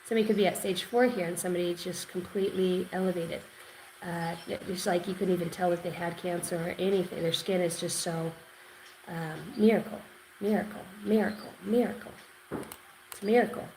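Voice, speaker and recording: Woman tarot reader, lowish voice, rambling, excitable, repeats herself, faint background noise. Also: a little fast, rough recording. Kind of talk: intuitive tarot reading to camera.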